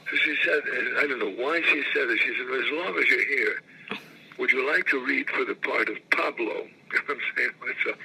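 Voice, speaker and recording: A man in his eighties, an actor, rambling through anecdotes in an interview, often repeating phrases and clearing his throat. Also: medium pitch, normal speed, sharp tone, low-quality recording. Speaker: actor recalling his career.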